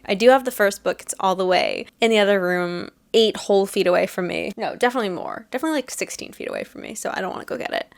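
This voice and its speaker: A young woman chatting casually about her reading plans at home in her apartment, filling her talk with "like" and poking fun at herself. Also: mid-range voice. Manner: chatty and self-deprecating, many "like" fillers. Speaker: book vlogger. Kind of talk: casual chat.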